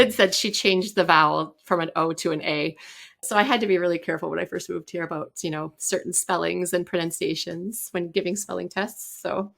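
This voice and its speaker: A woman's voice: fairly low pitch, fairly even intonation, a little fast, creaky, a bit bright. A woman from Canada chatting casually on a podcast, laughing often and telling stories with animation. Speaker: education technology consultant.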